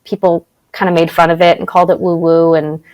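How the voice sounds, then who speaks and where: This guest on an interview podcast, a middle-aged woman from Canada who is an actress and spiritual teacher, has a lowish, darkish voice with little pitch movement and talks a little fast. Her casual storytelling about her own life includes laughter and acted-out quotes, over poor audio.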